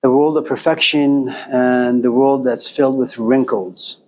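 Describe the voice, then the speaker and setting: A man giving a lecture and telling a story with lively, acted-out voices. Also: mid-range voice, measured pace, rough recording. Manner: animated storyteller, acting out voices.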